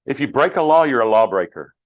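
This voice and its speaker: A middle-aged man teaches an interactive Bible class conversationally, asking the class questions and joking with them. His medium-pitched voice swings widely in pitch, and he talks at a quick pace.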